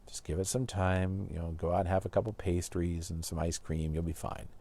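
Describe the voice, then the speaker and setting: A man voicing a detached noble mother in a quiet, subdued way. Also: medium pitch, huge pitch swings, moderate pace, no echo. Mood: soothing.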